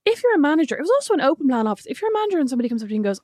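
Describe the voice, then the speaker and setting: A woman co-hosting a casual podcast, telling an animated story full of asides. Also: high-pitched, very fast, few pauses, dry recording, studio quality. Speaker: podcast co-host. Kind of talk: casual chat.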